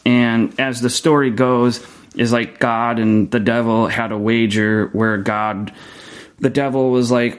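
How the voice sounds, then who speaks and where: A man hosting a faith podcast, reading a psalm aloud and then reflecting on it in an earnest, casual way. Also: mid-range voice. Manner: earnest, reads scripture slowly then talks casually.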